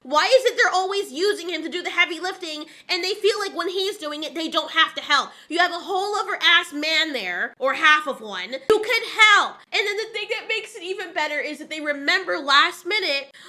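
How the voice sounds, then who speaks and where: A young woman reviewing a series in an exasperated, profane rant. Her voice sits high and bright, leaping up and down as she vents. She sounds fed up and talks with rapid, fiery frustration. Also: animated. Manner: exasperated, profane, fast venting. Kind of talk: ranting reaction review.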